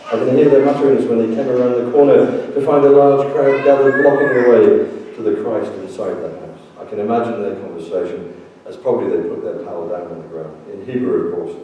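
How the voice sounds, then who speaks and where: A jovial priest delivers a sermon full of jokes and storytelling, his somewhat low voice carrying through a very echoey church. He sits back from the microphone, and noticeable background noise hangs under his words. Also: mellow, far from the mic. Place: church sanctuary.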